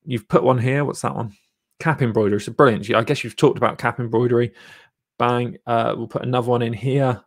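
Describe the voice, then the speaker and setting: A man with a voice of ordinary pitch hosts a live channel review. He talks loosely and encouragingly, with plenty of ums and restarts. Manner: rambling, filler-heavy, encouraging. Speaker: YouTube channel coach and host.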